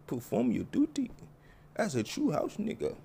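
A man doing a high, meek, overly polite man. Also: wildly swooping pitch, normal speed, creaky, mellow, slight background noise, full character voice. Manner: formal, stiff politeness. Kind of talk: comedy skit with character voices.

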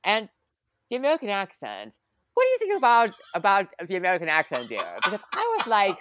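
A woman casually recapping a movie plot for a podcast, with lively quoted asides. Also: medium pitch, a little fast, noisy background. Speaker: podcast guest.

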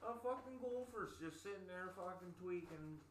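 A man's voice: sits high, lively intonation, moderate pace, echoey room, distant mic, slight background noise. A man who is a guest on a casual podcast, telling a jumbled story in a blunt, profane way.

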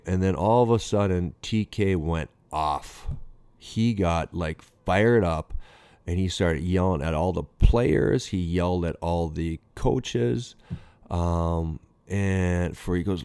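A man's voice: low-pitched, slow, warm tone, clear, resonant tone, dry recording. A middle-aged man, a former professional baseball player, tells a rambling story, acting out dialogue and breaking off mid-sentence. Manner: rambling, acts out dialogue, self-interrupting. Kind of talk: anecdotal storytelling.

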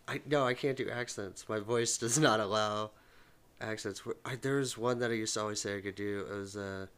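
A man's voice: fairly low pitch, steady tone, a little fast, a bit bright, clear, resonant tone. A young man co-hosting a podcast, rambling casually with many fillers and poking fun at himself. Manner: rambling, filler-heavy, self-mocking. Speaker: podcast co-host. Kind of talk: casual chat.

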